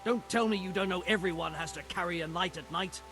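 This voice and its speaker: An officious town guard reprimanding a lawbreaker in a fed-up, scolding tone. His voice is fairly high, with music clearly playing behind him. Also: fast talker. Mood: stern. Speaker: game character.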